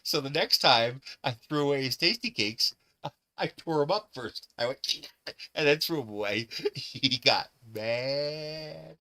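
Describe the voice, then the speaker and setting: A man's voice: medium pitch, lively intonation, measured pace, sharp tone. A man hosting a live stream, telling stories in casual chat, laughing often and swearing freely. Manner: laughs often, profane, gleeful storyteller.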